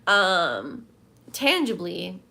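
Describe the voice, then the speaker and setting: A woman's voice: fairly low pitch, sing-song, extremely slow, creaky, pushed and bright. A woman livestreaming from home, chatting casually and rambling as she answers viewers' comments. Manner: chatty, rambling, reads chat aloud.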